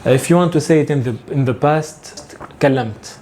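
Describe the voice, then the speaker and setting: A man leads a casual language lesson in a warm, mellow voice. He talks in a relaxed, halting way, full of fillers and light chuckles. Faint noise sits under the recording. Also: on the high side. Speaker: Tunisian Arabic teacher.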